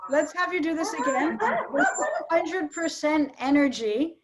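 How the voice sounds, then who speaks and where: A woman's voice: high voice, lively intonation, unhurried, very noisy. A woman teaching public speaking in an online workshop, coaching participants with encouragement.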